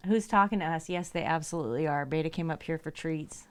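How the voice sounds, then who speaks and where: A woman's voice: fast, clear, resonant tone. A woman livestreaming who chats casually with viewers, laughs often, reads their messages aloud and talks to her cats in a sing-song voice. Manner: goes high and sing-song when talking to her cats. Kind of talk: casual live-stream chat.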